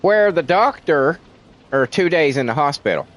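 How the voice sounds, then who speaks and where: A man's voice: a little high, expressive, moderate pace, poor audio. A man from Tennessee with a thick Southern accent, venting in casual, rambling livestream chat and swearing freely. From Tennessee, USA.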